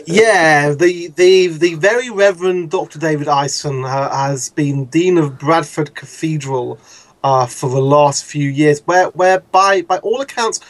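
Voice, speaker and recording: A man talks through the news in a lively, wry way, tossing off quick asides. His voice sits fairly high, and the sound is dry and close. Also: no room sound. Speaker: guest commentator. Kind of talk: casual news chat.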